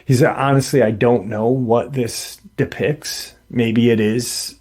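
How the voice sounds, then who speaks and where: A man retelling a paranormal encounter story in a halting, conversational way, full of pauses and restarts. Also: medium pitch, steady tone, a little mellow. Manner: halting, many fillers and restarts; conversational, quotes others in plain voice.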